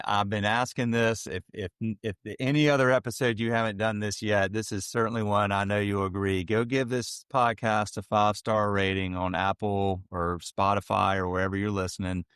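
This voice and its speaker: Deep-voiced man hosting a podcast. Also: clean tone, no room sound, studio quality. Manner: warm, folksy, lots of filler ums. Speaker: podcast host. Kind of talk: casual podcast interview.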